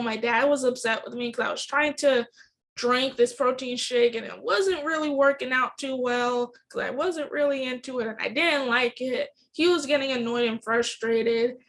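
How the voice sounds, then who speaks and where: A woman's voice: high voice, a bit bright. A young adult woman hosting a podcast, telling her own story in an earnest, candid and emotional way. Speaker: podcast host. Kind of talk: personal storytelling.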